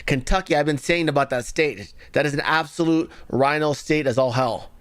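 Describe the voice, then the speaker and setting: A man's voice: on the high side, moderate pace, a bit bright. A man hosting a livestream, giving casual, sarcastic political commentary and mocking the stories he reads. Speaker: livestream news commentary host.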